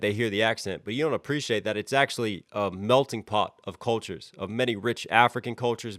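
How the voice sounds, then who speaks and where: An energetic man talks through a rap track, stopping to unpack each line with lively commentary. His voice sits at an ordinary middle pitch. The sound is close and dry, with no room around it. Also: dry recording. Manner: energetic, breaks down lyrics line by line. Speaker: reaction channel host. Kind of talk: music reaction commentary.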